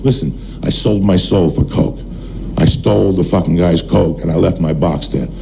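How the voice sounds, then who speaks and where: A middle-aged man from New Jersey doing stand-up storytelling on stage before a live audience, blunt and profane, talking in quick bursts. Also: deep voice, vocal fry, warm tone, a little hiss or hum, rough recording. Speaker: stand-up comedian.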